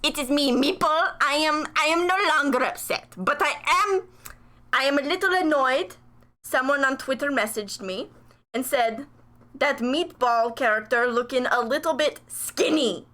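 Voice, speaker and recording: A vain little meatball mascot, male and grandly self-admiring, played by a woman on a live stream. He brags loudly and takes offense easily. The voice is bright and slightly high. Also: moderate pace. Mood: boastful.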